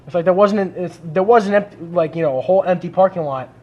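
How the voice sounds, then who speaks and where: A man's voice: sits high, quick pace, muffled recording. A man co-hosting a podcast, telling a story in casual, profane chat and acting out the people in it. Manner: profane, animated retelling with quoted voices. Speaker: podcast co-host.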